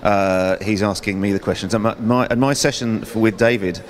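A man guesting as an author on a radio show, chatting casually and self-deprecatingly, with many halting restarts. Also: on the low side, fairly even intonation, slight background noise. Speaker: author and comedy writer guest.

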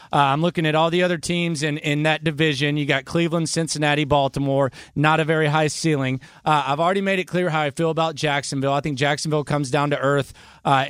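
A man's voice: fairly high pitch, fairly bright tone, smooth, no room sound, studio quality. A man co-hosting sports talk radio, emphatic and repeating his bold prediction.

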